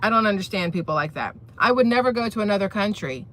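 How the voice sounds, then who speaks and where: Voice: medium pitch, expressive, quick pace, bright, forceful tone. A channel host giving blunt, opinionated political commentary in a casual vlog, talking straight to viewers and rambling through restarts.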